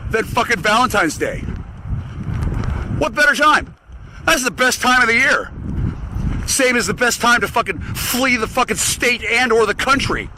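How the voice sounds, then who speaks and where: Male solo ranter, furious and foul-mouthed, vocoder effect, sharp tone. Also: high-pitched, a little hiss or hum, poor audio. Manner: angry, profane, swearing constantly. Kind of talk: solo ranting monologue.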